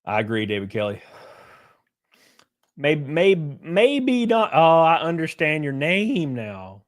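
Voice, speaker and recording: A young man hosts a livestream and riffs on chat messages in a brash, profane, animated way. His voice sits a little higher than most men's. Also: slow pace. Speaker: livestream host reading chat.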